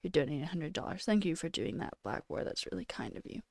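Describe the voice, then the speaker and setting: A woman's voice: sits low, big pitch swings, gravelly, no echo, studio quality. Tearful woman streamer, sighing. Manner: halting, sighing, quietly emotional. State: tearful, crying. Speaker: live streamer. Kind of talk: casual live-stream talk.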